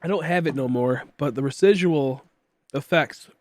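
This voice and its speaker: A man's voice: on the high side, normal speed, a little mellow, dry recording. A young man streaming and chatting casually with viewers, rambling with many fillers and coughing often from a tickly throat. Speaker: livestreamer.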